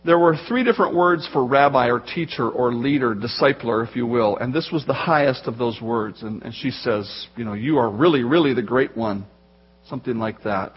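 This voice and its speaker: A man preaching a sermon as pastor, telling the story in a lively way and acting out the voices in the quotes. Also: medium pitch, a little fast, few pauses, breathy edge, muffled recording.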